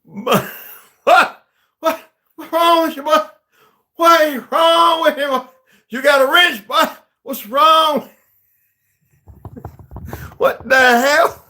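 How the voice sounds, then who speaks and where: A man putting on the voice of a rowdy young man who shouts at his brother, repeating himself. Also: very high-pitched, very slow, long pauses, pitched above the performer's own voice, heavily acted. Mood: shouting.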